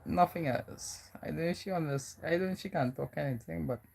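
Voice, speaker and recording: Woman, Virgin Islands accent, lowish voice, rambling casual vlog chat. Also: fast, creaky, darkish tone, slightly rough. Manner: rambling, lots of "you know". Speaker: vlogger.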